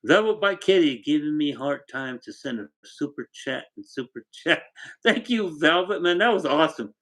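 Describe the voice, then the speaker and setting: Despite poor audio, the fairly high-pitched voice of an older Arizona man comes across expressive at a moderate pace. Hosting a casual livestream from his wood-stove-heated home, he reads viewers' names in thanks and spins warm, rambling tales.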